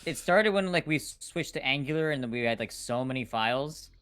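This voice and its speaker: Bright-voiced man thinking aloud while coding. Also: mid-range voice, expressive, brisk, smooth. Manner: thinks aloud, laughs easily. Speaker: co-host writing the code on a livestream. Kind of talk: casual chat while coding.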